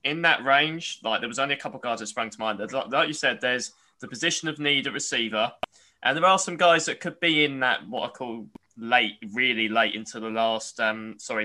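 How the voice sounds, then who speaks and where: A man hosting a casual sports podcast, halting and restarting his sentences often. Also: mid-range voice, pushed and bright. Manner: halting, restarts with repeated "I mean". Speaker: podcast host.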